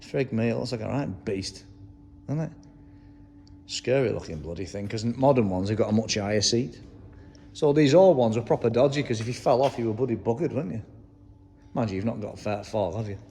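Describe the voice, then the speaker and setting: Touring a tractor museum at a fairly quick clip, a man from England speaks in a lowish, mellow voice, reading out labels and cursing freely in casual walk-around chatter. Slight background noise sits under the reverberant hall sound and its faint ambience.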